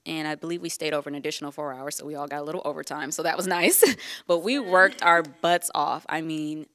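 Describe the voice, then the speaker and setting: A professional pole dancer being interviewed, chatting casually and candidly and laughing often. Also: female voice, low voice, fairly even intonation, brisk, fairly bright tone.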